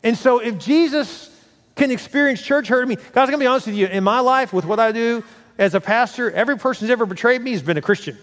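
A man preaching as pastor, telling the story with lively acted-out voices and frequent restarts. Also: very high voice, quick pace, long reverb tail. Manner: animated storytelling, acting out voices, many restarts. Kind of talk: sermon.

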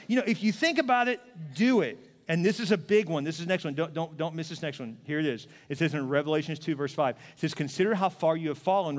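A man preaching a sermon as pastor, animated, acting out little scenes with voices and repeating punchy phrases with questions to the crowd. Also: fairly high pitch, in a large hall.

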